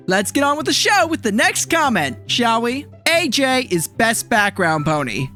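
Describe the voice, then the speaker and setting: A man putting on the voice of a smug, scheming male reality-show host, smooth and gloating. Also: extremely high pitch, very animated, measured pace, sharp tone, faint music behind, full character voice.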